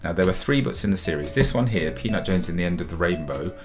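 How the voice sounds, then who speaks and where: A middle-aged man leads a friendly drawing lesson for children. His voice sits low, but he swoops up and down with lively, animated inflection. He talks in a chatty, upbeat way and often repeats words for emphasis, with faint music playing underneath. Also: quick pace. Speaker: children's author and illustrator teaching drawing. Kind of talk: friendly drawing tutorial for kids.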